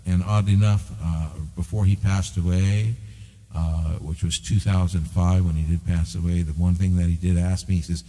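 A man hosting a talk show, telling a story in an animated way and acting out what others said. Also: low-pitched, moderate pace, in a large hall. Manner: animated, acts out quoted dialogue. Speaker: show host. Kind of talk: storytelling conversation.

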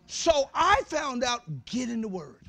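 A male pastor preaching a lively sermon in a very high voice that swings widely up and down. He talks to the congregation like a friend, mixing jokes with sudden shouts. It has the loose, conversational feel of a church sermon. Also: unhurried. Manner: animated, humorous preaching with shouted peaks; conversational, addresses the congregation directly.

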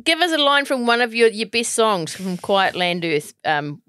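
A woman's voice: fairly high pitch, big pitch swings, a bit bright, no echo, studio quality. A woman, co-hosting a podcast in a casual, chatty way. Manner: chatty, quick to laugh along. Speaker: podcast co-host. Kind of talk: casual chat.

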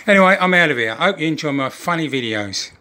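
A chatty man with a fairly high voice talks casually to camera as a model railway hobbyist. He spins jokey, rambling stories and keeps the tone light. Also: expressive, fairly quick, sharp tone. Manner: chatty joking storyteller.

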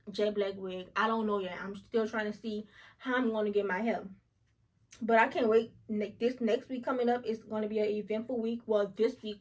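A woman's voice: a little high, recorded from a distance, rough recording. A young woman, chatting casually to her viewers at home in a vlog. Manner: chatty, animated storytelling to viewers. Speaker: vlogger.

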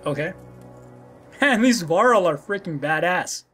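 A man's voice: high voice, lively intonation, slow, fairly bright tone. A young man casually commenting as he plays a video game, now and then reading the dialogue aloud in put-on voices. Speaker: let's play host. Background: game music.

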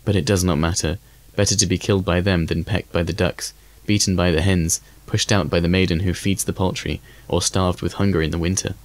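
A downcast young duckling in a storybook, resigned and pleading, as a man reads him in his own deep voice. The tone stays low, and the sound is close and dry. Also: fairly even intonation, a little fast, few pauses, no room sound, close to an everyday voice. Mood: despairing. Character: despairing young male ugly duckling, timid and hopeless.

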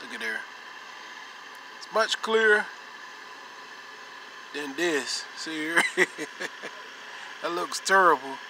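A slightly high-voiced man walks through a car detailing demo in a relaxed, chatty way. He points things out again and again, coaxing the viewer to look. Vehicle noise and ambience are clearly heard behind him. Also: takes it slowly, long pauses. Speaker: car detailing channel host. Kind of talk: casual how-to demonstration. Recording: noisy ambience, vehicle sounds.

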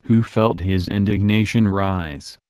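A male audiobook narrator reads old-fashioned prose at an unhurried, measured pace. His voice sits somewhat low, and the recording is close and dry, with no room sound. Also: steady tone, a little mellow, clean tone, no room sound. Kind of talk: scripted narration of a classic novel.

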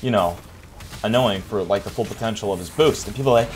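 A young man talks over his gameplay in an exasperated, ranting way, swearing freely. His voice sits on the lower side but leaps up and down with lively pitch. A faint hiss runs beneath the desk-mic recording. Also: quick pace. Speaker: gaming streamer. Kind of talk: gameplay commentary.

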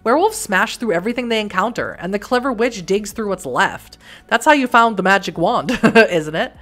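A woman's voice: medium pitch, expressive, moderate pace, fairly bright tone, faint music behind, pitched above the performer's own voice, close to an everyday voice. A woman voicing a cruel, scheming female witch who taunts her enemies in a game. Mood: mocking. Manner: taunting, mocking.

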